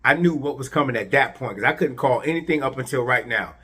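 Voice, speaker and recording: Excited man recapping a cartoon episode. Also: mid-range voice, fast talker, husky. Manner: animated, repeats words, many fillers. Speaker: show reviewer. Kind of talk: casual spoken episode recap.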